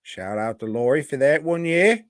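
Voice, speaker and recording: A man's voice: mid-range voice, expressive, moderate pace, no room sound, clean studio sound. A man co-hosting a movie review podcast, rambling and joking in casual, profane banter sprinkled with "mate" slang.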